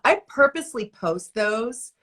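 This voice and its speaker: Animated woman telling stories on a video call. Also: a little high, unhurried. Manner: animated storyteller, emphatic and exasperated. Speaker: guest, event entertainer and author. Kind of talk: casual interview chat. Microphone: remote video call.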